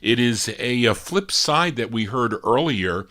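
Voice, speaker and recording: A man hosting a live record show, hoarse from losing his voice, talking in a laid-back, rambling way and correcting himself as he goes. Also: medium pitch, lively intonation, unhurried, bright, forceful tone. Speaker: radio-style DJ host. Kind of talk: casual live DJ chat between records.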